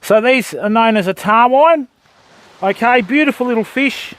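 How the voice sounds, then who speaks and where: A man's voice: extremely high pitch, normal speed, a bit bright. An older Australian man hosting a casual fishing livestream from a beach, greeting viewers as mate and bud. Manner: chatty, greets viewers by name, calls them mate and bud. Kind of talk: casual live commentary. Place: outdoors on a beach.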